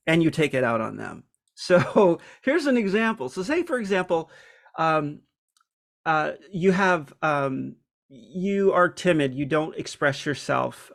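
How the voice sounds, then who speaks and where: A man's voice: fairly high pitch, vocal fry. A man hosting a self-help video, talking through a personal topic in a casual, reflective way, candid and hesitant, with many ums and restarts.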